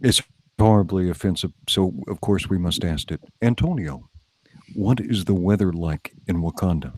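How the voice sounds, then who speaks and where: A man from North Carolina with a low voice hosts a casual chat, dry and close to the mic. He teases his guests with slow, playful questions. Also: a little mellow, slightly rough, dry recording. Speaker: livestream co-host.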